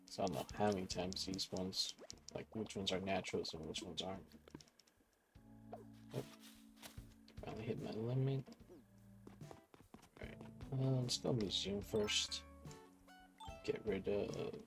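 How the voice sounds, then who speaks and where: Gravelly low-voiced man musing over gameplay. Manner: relaxed, musing to himself while playing. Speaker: gaming channel host. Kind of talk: casual gameplay commentary.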